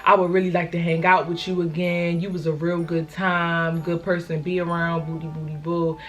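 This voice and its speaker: A woman voicing a sheepish, broke young man in a storytime vlog, mumbling and low-key pleading. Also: flat delivery, moderate pace, fairly bright tone, soft background music, natural voice. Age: young adult.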